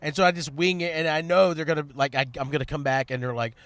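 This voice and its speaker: Quick and fairly bright, this man's high-leaning voice keeps a fairly even intonation. He co-hosts a podcast in loose, casual chat, swearing and letting sentences trail off into fillers.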